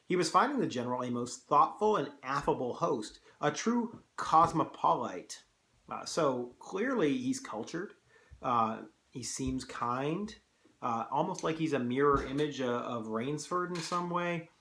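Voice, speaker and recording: Expressive male read-aloud teacher. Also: mid-range voice. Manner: expressive reading broken by quick casual asides with fillers.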